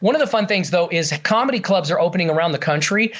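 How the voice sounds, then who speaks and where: A man's voice: sits high, expressive, fast, a bit bright. A man who works as a ventriloquist, chatting eagerly in an interview and telling stories with lots of fillers. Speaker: ventriloquist guest. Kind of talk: casual interview chat.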